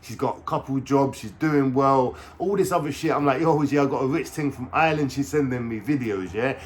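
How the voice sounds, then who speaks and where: A man in his thirties with a London accent, telling a story to his viewers in a casual, slangy way, full of swearing and asides, his voice often dropping low and quiet before bursting back up. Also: brisk, a little hiss or hum. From England. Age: 30s. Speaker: vlogger.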